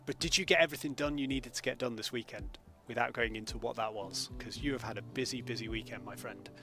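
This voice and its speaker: An English man streams gameplay live from home, chatting casually with viewers and greeting them by name. His voice is medium in pitch, he talks quickly, and music plays underneath.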